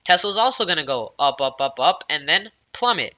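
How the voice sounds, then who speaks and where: A man voicing a cocky, boastful male investor in his own bright voice. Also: a little high, big pitch swings, fairly quick, lo-fi sound, heavily acted. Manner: smug, boastful.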